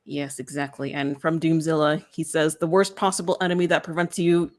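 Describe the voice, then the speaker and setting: A podcast host asking a guest open questions in a relaxed chat and laughing along. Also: mid-range voice, a little fast. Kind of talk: casual interview chat.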